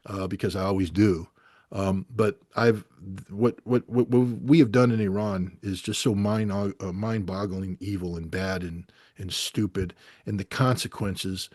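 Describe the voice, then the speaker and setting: A man's voice: fairly low pitch, darkish tone, no echo, clean studio sound. A man speaking with frustration and emphasis on a talk show, often restarting his sentences. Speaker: guest commentator. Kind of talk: impassioned talk show discussion.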